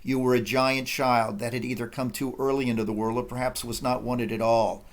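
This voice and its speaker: A man's voice: medium pitch, level tone, brisk, voice pushed down, lightly acted. A man reading a cold, spiteful wife. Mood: mocking.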